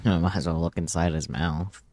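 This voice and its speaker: A man's voice: deep voice, fairly even intonation, moderate pace, darkish tone. A man streaming a game, reading its text aloud and joking playfully. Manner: playful, jokey, reads lines casually.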